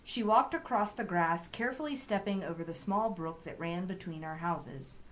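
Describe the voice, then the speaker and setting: A woman reading a children's chapter book aloud in calm, steady storytelling. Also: fairly low pitch, moderate pace, a little hiss or hum, poor audio. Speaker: story reader.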